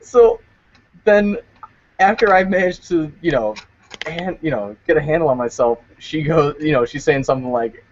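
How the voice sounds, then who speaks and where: A young man co-hosting a podcast, telling stories in a relaxed, amused way. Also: on the high side, normal speed, muffled recording. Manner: laid-back storyteller, laughs at his own stories. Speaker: podcast co-host. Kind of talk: casual chat.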